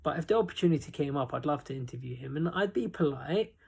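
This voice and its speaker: A man's voice: on the high side, animated, quick pace, gravelly, darkish tone, slightly rough. A man hosting a casual opinion vlog, rambling and indignant, often repeating himself. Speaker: commentary channel host.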